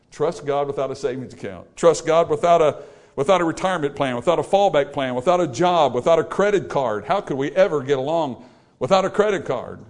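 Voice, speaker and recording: Animated high-pitched preacher man. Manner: animated, acts out quoted voices. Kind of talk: sermon.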